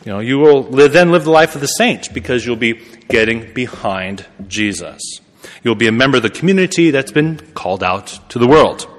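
A man's voice: medium pitch, expressive, normal speed. A man preaching a sermon in a conversational way, correcting himself and laughing at his own remarks. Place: church. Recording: long reverb of a church hall.

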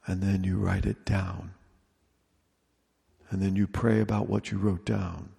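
Leading a retreat talk in a big hall, this man has a low, dark, mellow voice with some gravel to it and little pitch movement. His delivery is slow and measured, with repeated short phrases, and the space leaves a long reverb on the sound.

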